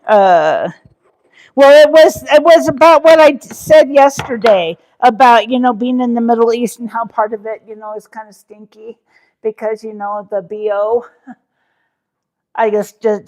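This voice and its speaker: Her pitch is medium and a little mellow. She's a woman running a relaxed live cooking stream at home, rambling chattily and addressing her chat viewers while preparing food.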